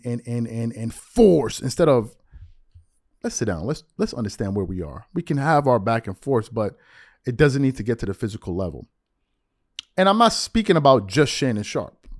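A man's voice: mid-range voice, no echo, studio quality. A man hosting a podcast, talking earnestly in a reflective solo commentary and repeating words as he searches for them. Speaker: podcast host.

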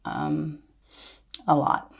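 A middle-aged woman speaking thoughtfully as an interview guest, halting and restarting as she reflects. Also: highs cut off.

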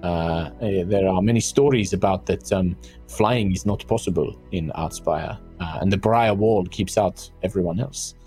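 A man's voice: sits low, normal speed, warm tone, soft background music. A man voicing a gracious, formal fae noblewoman who speaks politely with frequent hesitations. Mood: courteous. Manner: formal, hesitant with many fillers.

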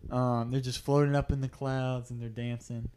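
A man's voice: medium pitch, level tone, normal speed, a little mellow, slight background noise. A man hosting a podcast, chatting casually and laughing often while watching a movie at home, slipping into playful impressions. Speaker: podcast host. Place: living room at home.

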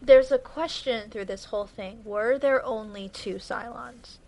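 A woman's voice: a little high, a little slow, a little mellow, low-quality recording. Woman co-host losing her voice. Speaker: podcast co-host. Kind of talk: casual episode discussion.

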